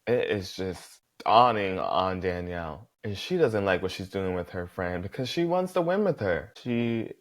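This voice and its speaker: A man recapping a reality competition episode in a sassy, animated, chatty way, swearing freely and calling people "girl". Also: low-pitched, unhurried, hardly any pauses. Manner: chatty, talks straight to the viewer, fillers like "girl" and "like". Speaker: reality show contestant recapping his season.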